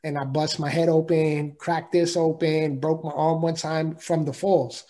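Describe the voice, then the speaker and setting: A man's voice: fairly high pitch, flat delivery, unhurried, mellow. A man telling a personal story as an interview guest, earnest and emphatic, in a casual way of talking.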